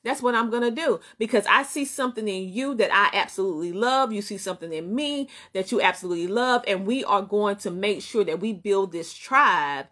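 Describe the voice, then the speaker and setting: A woman's voice: medium pitch, fairly quick, few pauses, sharp tone. A woman with a Southern US accent, a business coach hosting a motivational live stream, who talks emphatically and repeats her points. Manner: emphatic, repetitive, greets viewers by name. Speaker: business coach and show host.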